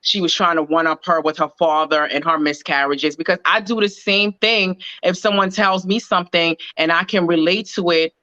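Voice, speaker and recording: A woman chatting casually about reality TV as a podcast co-host, her voice bright and forward. She talks in a relaxed, rambling way, leaning on filler words. The sound is dry and a little dull, like a modest home mic. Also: on the low side, normal speed, few pauses, dry recording. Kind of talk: casual reality TV recap chat.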